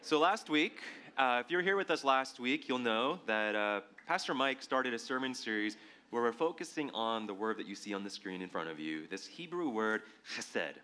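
A man preaching a sermon to a congregation in a relaxed, joking way, reading scripture and praying in a quieter tone. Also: medium pitch, normal speed, clear, resonant tone. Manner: casual, joking, with fillers, drops to a quiet tone in prayer.

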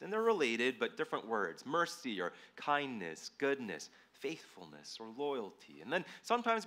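A man preaching a sermon to a congregation in a relaxed, joking way, reading scripture and praying in a quieter tone. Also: mid-range voice. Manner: casual, joking, with fillers, drops to a quiet tone in prayer.

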